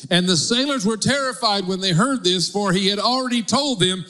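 High bright-voiced preaching man. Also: moderate pace. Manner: preaching with audience call-and-response. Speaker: pastor. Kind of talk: sermon.

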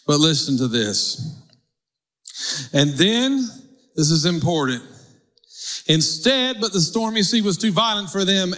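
A man's voice: sits high, bright, forceful tone. A male pastor preaching a sermon, calling on the congregation to respond. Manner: preaching with audience call-and-response.

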